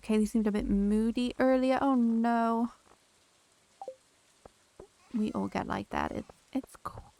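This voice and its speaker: A young woman streams a game and chats casually, thanking viewers by name as she plays. Her voice is mid-range with a dark tone, and there's slight background noise.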